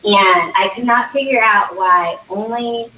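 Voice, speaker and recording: A woman's voice: mid-range voice, a little slow, bright, forceful tone, a little hiss or hum. A young woman giving a casual product talk at a home party, chatty and full of fillers. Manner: chatty, many fillers, laughs often. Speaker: consultant presenting at a launch party. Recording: roomy, distant camera audio.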